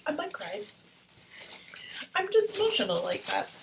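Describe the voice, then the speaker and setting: Excitable woman vlogging an unboxing. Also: sits high, moderate pace, creaky. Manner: gushing and excitable, drops into whispers. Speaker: art vlogger unboxing sponsored markers. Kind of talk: casual unboxing vlog. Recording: faint background noise.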